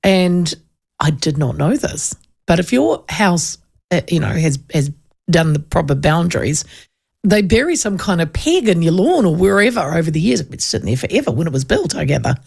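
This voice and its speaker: A woman's voice: on the low side, big pitch swings, normal speed, gravelly, darkish tone, breathy edge. A middle-aged woman with a New Zealand accent, hosting a show and telling stories in a chatty way, laughing often. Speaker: radio host. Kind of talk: casual chat.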